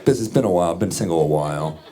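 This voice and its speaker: A man doing a stand-up comedy set on a club stage, dry and deadpan, with quick asides, recorded live. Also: sits low. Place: comedy club stage before a laughing audience. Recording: live club recording, loud crowd laughter. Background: audience laughter and room ambience.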